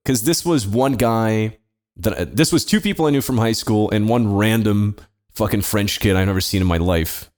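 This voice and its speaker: A man's voice: fairly low pitch, animated, brisk, darkish tone. Young man telling a profane story. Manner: casual, profane, laughing storytelling. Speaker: podcast co-host telling a story. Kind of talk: comedic storytime podcast chat.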